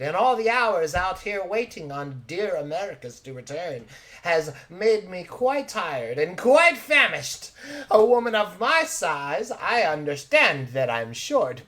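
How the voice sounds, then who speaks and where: A man voicing a short older noblewoman who flatters and schemes, speaking in a grand, formal, coaxing way. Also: a little high, exaggerated voice.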